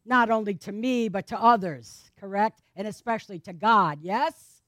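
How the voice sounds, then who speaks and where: A woman's voice: medium pitch, normal speed, a bit bright, no echo. A woman preacher giving a sermon in a conversational way, questioning the congregation with playful asides.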